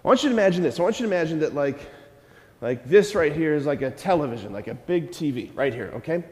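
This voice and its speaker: A man giving a sermon to a church audience, animated, acting out prayers and asking listeners questions. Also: fairly high pitch, fast, in a large hall. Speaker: preacher.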